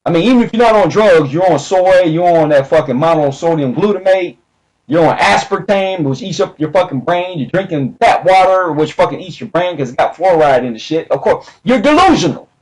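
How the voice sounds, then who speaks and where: A man delivering a profane, emphatic ranting monologue, jumping between slow stressed words and rushed bursts. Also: fairly high pitch, lively intonation, low-quality recording. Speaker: video commentator.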